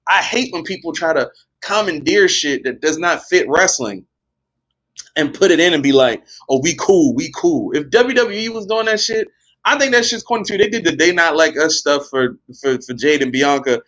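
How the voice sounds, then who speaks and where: A man's voice: a little high, expressive, moderate pace, a bit bright, dull audio. A man on a wrestling podcast, ranting in casual chat, blunt and profane and exasperated.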